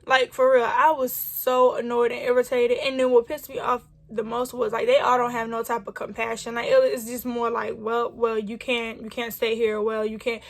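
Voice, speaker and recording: A young woman telling a chatty, animated storytime vlog, acting out the dialogue as she goes. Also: sits high. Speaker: vlogger.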